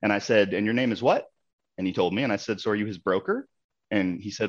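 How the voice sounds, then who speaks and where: Male realtor, casual anecdote, quick delivery, slightly low voice, muffled lo-fi recording. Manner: animated, heated retelling with quoted exchanges. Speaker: realtor, local board president. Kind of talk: casual storytelling.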